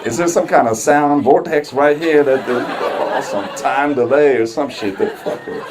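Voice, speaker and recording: A man's voice: medium pitch, moderate pace, noisy background. A man performing a stand-up comedy set on a club stage, telling a casual, profane story with wry asides. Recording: live club crowd and music.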